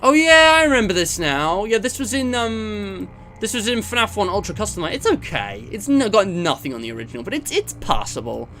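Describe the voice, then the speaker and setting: A man's voice: high-pitched, very animated, a little fast, pushed and bright, slight background noise. A man from England chatting casually on a live stream, rambling with lots of fillers and self-deprecating asides. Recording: music playing under the voice.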